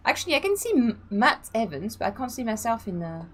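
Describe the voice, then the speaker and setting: A woman's voice: fairly high pitch, big pitch swings, brisk. A woman hosting a casual live stream, chatting freely, laughing and reading out the chat. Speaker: streamer and sim racing host.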